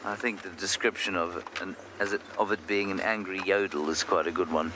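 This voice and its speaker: A safari guide with a low, fairly even, brisk voice delivers chatty, self-deprecating commentary during a live game drive. He speaks from an open vehicle outdoors, and the recording carries the noise of the moving vehicle.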